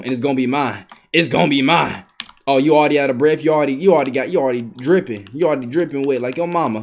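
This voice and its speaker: A young man, giving live trash-talking commentary over his gameplay. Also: fairly high pitch. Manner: trash-talking, excitable, repeats himself. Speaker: gaming streamer.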